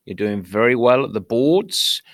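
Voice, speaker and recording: A British man from England hosts a podcast in an upbeat monologue, playful and full of theatrical mock indignation. His medium-pitched voice is animated, a little slow and fairly bright, recorded with studio quality and no echo.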